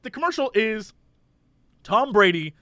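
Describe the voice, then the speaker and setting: A man with an unusually high, bright voice co-hosts a comedy podcast, and his pitch swings animatedly. He tells silly, jokey stories, recorded close and dry. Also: big pitch swings, unhurried, dry recording. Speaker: podcast co-host. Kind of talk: casual comedic podcast chat.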